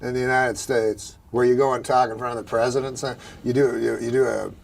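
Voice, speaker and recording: A man, a comedian, telling stories in a halting, deadpan way, full of fillers and little asides. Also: mid-range voice, vocal fry. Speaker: comedian, talk show guest. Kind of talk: rambling anecdotal storytelling.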